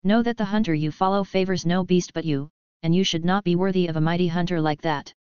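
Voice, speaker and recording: A woman's voice: on the low side, steady tone, fast, clear, resonant tone, no room sound, natural voice. A woman voicing a solemn ghostly wolf god. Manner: grand, formal pronouncements. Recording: dull lo-fi audio.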